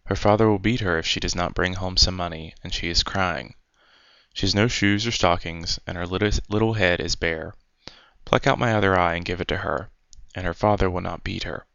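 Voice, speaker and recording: A man voicing a kind, sorrowful male statue prince who speaks gently and pleadingly. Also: low voice, brisk, gravelly, no echo. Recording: dry, dull lo-fi recording.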